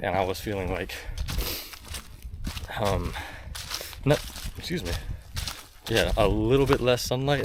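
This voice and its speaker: A man from the US talks in a deep, low voice, rambling and joking at his own expense as he walks outdoors. He films on a handheld phone, and clear outdoor noise runs under his voice. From United States. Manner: rambling, self-deprecating, many fillers. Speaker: travel vlogger. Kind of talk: casual walking vlog. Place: outdoors on a rural back road. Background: footsteps on gravel and leaves, outdoor sounds.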